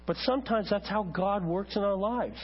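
A husky, slightly high-voiced pastor gives a conversational sermon, with asides to his congregation and a lively turn whenever he tells a story. The recording is dull and lo-fi, with a mains hum running underneath. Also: normal speed. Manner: conversational preaching with asides to the congregation, animated when telling stories.

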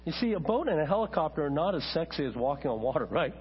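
A husky, slightly high-voiced pastor gives a conversational sermon, with asides to his congregation and a lively turn whenever he tells a story. The recording is dull and lo-fi, with a mains hum running underneath. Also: quick pace. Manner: conversational preaching with asides to the congregation, animated when telling stories.

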